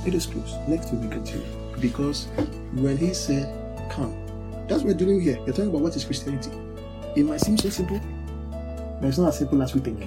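A man's voice: fairly high pitch, animated, a little fast, long pauses, over music. A man preaching a sermon to a congregation, emphatic and repetitive, leading a prayer line by line. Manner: emphatic, repeats key words, leads a prayer line by line. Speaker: pastor.

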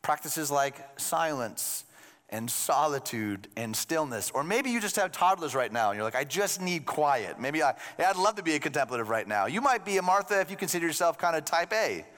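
A man's voice: on the high side, sing-song, fairly quick, fairly bright tone. Man preaching in a reverberant hall. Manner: conversational with joking asides. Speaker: pastor. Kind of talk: sermon.

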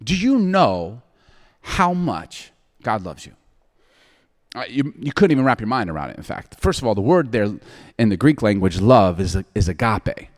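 Lively, joking pastor. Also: male voice, on the low side, normal speed. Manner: humorous, self-deprecating, candid; animated, often laughing. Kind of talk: storytelling sermon.

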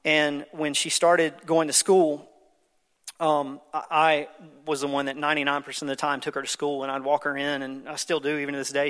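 A man's voice: a little high, fairly bright tone. A man in his thirties preaching a conversational sermon as pastor, with frequent ums and uhs. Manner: conversational preaching with many fillers. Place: church sanctuary. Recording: long hall reverb.

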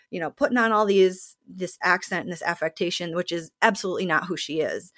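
A woman with a slightly low voice, speaking as a guest in a casual interview. She tells the story animatedly and now and then acts out other people's lines. The sound is dry and close. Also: a little fast, hardly any pauses, fairly bright tone, no room sound. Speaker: actor in the play.

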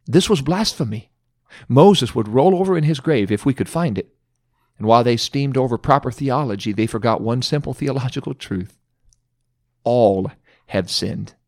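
A man delivering an earnest devotional sermon, leaning hard on key words and slowing to let them land. His voice sits in an ordinary middle register. The sound is dry and close, with no room around it. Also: mid-range voice, lively intonation, darkish tone, dry recording. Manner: earnest, emphatic, slows down for stress. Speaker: preacher. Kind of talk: devotional sermon with study questions.

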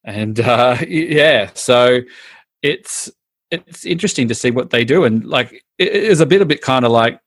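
A man's voice: medium pitch, expressive, moderate pace, dry recording. An Australian man co-hosting a podcast in casual, rambling chat with frequent restarts. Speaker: podcast co-host.

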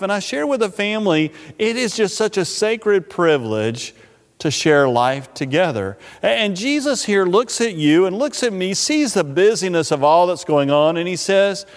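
A male pastor preaches in a church sanctuary, his voice sitting a little high. He speaks earnestly and without hurry, often easing into a slow, soft tone. A long reverb from the hall trails after his words. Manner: earnest, unhurried preaching that drops soft and slow when voicing invitations. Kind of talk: sermon.

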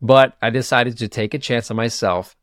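A man with a mid-range voice hosts his own podcast and tells a personal story in a loose, chatty way. He laughs at himself and trips over quick restarts as he talks. The sound is close and dry, with no room echo. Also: medium pitch. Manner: animated, self-mocking, quick bursts with stammered restarts. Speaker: podcast host.

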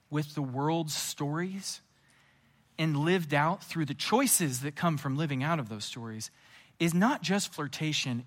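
A man preaching a sermon as a pastor. He tells Bible stories in a lively, casual way, with quick asides and acted-out scenes. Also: a little high.

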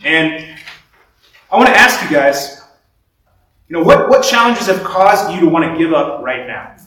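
A young man giving a sermon in a relaxed, conversational way, telling stories and often restarting his sentences. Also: fairly high pitch, measured pace. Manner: conversational storytelling with repeated restarts. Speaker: preacher. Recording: very echoey room, voice from far off.

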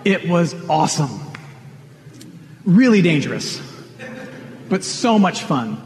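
A man's voice: a little high, very animated, slow, a little mellow. A man preaching a sermon in an earnest, conversational way, asking his listeners questions. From Michigan. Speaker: pastor. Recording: long reverb of a large hall.

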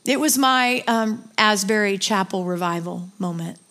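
A woman in her forties, a Bible study teacher, telling a personal story in an animated, emotional way with asides. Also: mid-range voice, measured pace, few pauses.

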